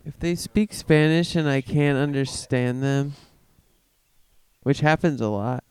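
Smooth-voiced young guy, rambling. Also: a little high, a little mellow. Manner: rambling, halting storyteller with many "like"s. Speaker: podcast co-host. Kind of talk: casual chat. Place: outdoors with friends.

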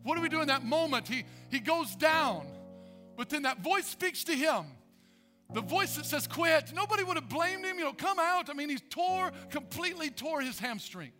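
Pastor guy preaching, real high voice, keeps repeating lines for punch, bit of music under it. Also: lively intonation, moderate pace, pushed and bright. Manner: emphatic, repetitive preaching cadence. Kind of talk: sermon.

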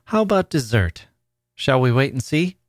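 A man voicing a gentle, attentive father who speaks in a coaxing way. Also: medium pitch, big pitch swings, normal speed, dry recording, clean studio sound, voice pushed up, natural voice.

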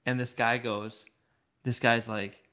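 A man's voice: medium pitch, flat delivery, takes it slowly, bright, forceful tone. A man co-hosting a podcast, casually telling a funny story and chuckling along. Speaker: podcast co-host. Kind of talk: casual chat.

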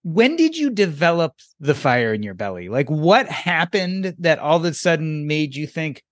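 A man with a fairly high voice hosts the conversation and draws his guest out with casual questions. The recording is close and dry, with no room sound. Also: sing-song, moderate pace, hardly any pauses, no room sound. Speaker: podcast host. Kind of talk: interview questions and commentary.

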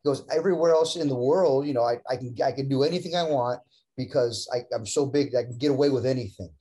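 A man's voice: mid-range voice, quick pace, dark tone, rough recording. A man hosting a casual chat, rambling through stories and mimicking the people in them.

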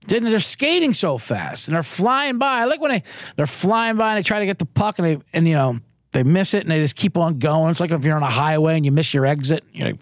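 A man's voice: on the high side, expressive, fairly quick, no echo, studio quality. A man hosting a sports betting podcast in a casual, jokey, rambling way, often interrupting himself. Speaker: podcast host.

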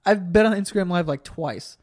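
A man's voice: sits high, fairly quick, a little mellow. A young man co-hosting a podcast, chatting loosely with lots of swearing and jokes. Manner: loose, profane, joking banter. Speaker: podcast co-host. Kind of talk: casual chat.

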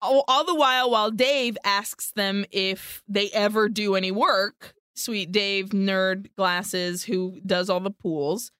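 A woman co-hosting a podcast, casually retelling a film's plot with lively, profane storytelling and Spanish words slipped in. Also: mid-range voice, slow, few pauses, clean tone, dry recording, studio quality. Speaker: podcast co-host. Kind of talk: casual movie recap chat.

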